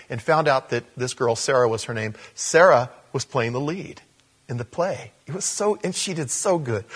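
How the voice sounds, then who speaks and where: A man preaching a sermon, telling a story that jumps between hushed asides and loud, emphatic high points. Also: normal speed, husky. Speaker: pastor.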